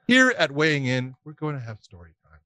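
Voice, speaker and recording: A middle-aged man co-hosting a podcast, telling a long, animated anecdote with frequent laughter and swearing. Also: a little high, brisk, smooth, no room sound. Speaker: podcast co-host.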